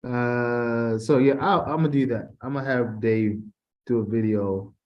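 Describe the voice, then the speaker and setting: A man's voice: mid-range voice, fairly even intonation, a little slow, highs cut off. A man tutoring a student in a casual session, reading quiz questions aloud with frequent restarts. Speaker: TESOL instructor.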